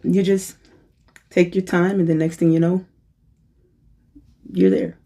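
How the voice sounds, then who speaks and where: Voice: level tone, takes it slowly, creaky, mellow. Playful rambling spiritual channeler. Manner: playful and self-mocking, jumps into high-pitched voices for quotes; rambling, restarts and corrects itself. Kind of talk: freestyle channeling monologue.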